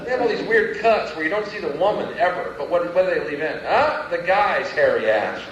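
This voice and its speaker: A tired man doing a stand-up comedy set, ranting sardonically and with exasperation, with sudden shouted bursts. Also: high voice, expressive, brisk, far from the mic, a crowd in the background. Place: comedy venue stage. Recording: lo-fi audience bootleg, echoey venue. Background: audience and room ambience.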